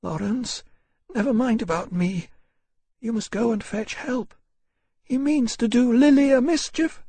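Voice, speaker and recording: A man's voice: extremely high pitch, a little slow, dark tone, slightly rough, no echo, clean studio sound, voice pushed up, exaggerated voice. A man voicing an injured young woman captain in an audiobook, defiant and angry. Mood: urgent. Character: young woman dragon captain, fierce, hurt.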